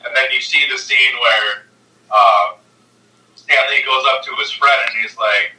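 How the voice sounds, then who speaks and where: Guy telling a movie story on a podcast, bright sharp voice, sounds far off and echoey. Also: a little slow. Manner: animated storyteller, acts out quotes in a high voice. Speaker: podcast guest. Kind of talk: casual chat. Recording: roomy, distant mic.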